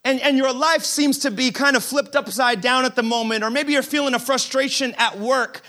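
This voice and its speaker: Bright, high-voiced pastor preaching playfully. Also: male voice, normal speed. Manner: humorous storytelling with acted-out quotes; animated, repeats words while building a point. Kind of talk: sermon.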